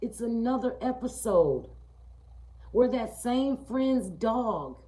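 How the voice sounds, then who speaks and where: A woman speaks to her live audience at an unhurried, deliberate pace, circling back to the same phrases for emphasis. She often pauses to ask "okay?" and sinks her voice low and quiet when she drives a point home. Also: expressive, low-quality recording. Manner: emphatic, repetitive, keeps asking "okay?". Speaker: live stream host. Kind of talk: live-streamed motivational talk.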